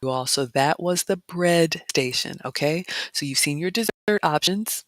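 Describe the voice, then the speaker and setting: A woman vlog host walking viewers through a brunch buffet, chatting casually, reading comments aloud and often dropping into soft excited whispers. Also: deep voice, normal speed, dry recording, clean studio sound. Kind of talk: casual live-stream walkthrough.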